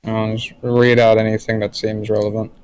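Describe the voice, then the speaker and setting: A man's voice: fairly low pitch, monotone, normal speed, darkish tone, clear, resonant tone, poor audio. A man chatting casually on a stream while he edits a video, easygoing and a bit distracted. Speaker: friend and co-host. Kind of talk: casual chat.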